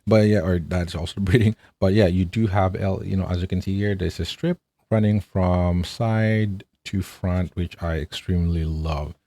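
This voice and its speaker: Low, mellow-voiced man reviewing gear. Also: fairly even intonation, normal speed, few pauses. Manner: chatty, enthusiastic, fillers and rhetorical "right?". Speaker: tech reviewer. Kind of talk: casual product review.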